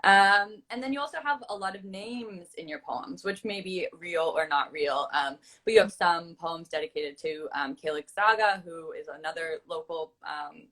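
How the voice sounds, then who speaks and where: A woman fiction writer hosting an interview, chatty and animated, often acting out quick reactions. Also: fairly low pitch. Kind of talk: casual conversational interview.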